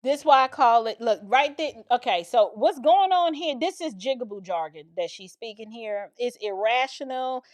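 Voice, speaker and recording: A woman's voice: fairly high pitch, animated, normal speed, few pauses. A middle-aged woman giving blunt, emphatic reaction commentary in casual, colloquial speech. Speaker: political and cultural commentator.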